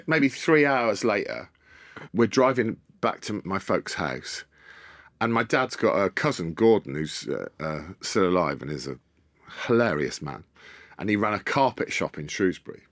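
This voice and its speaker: A man, a podcast guest, telling animated stories in casual chat, swearing freely and acting out what people said. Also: deep voice, moderate pace, no echo, studio quality. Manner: animated storyteller, swears, acts out quotes.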